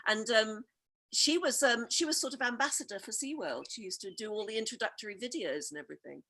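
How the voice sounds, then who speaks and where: A woman's voice: on the high side, animated, fast talker, sharp tone. A woman co-hosting a casual interview who asks questions with enthusiasm and reads out viewer comments. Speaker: co-host. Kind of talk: casual chat show interview.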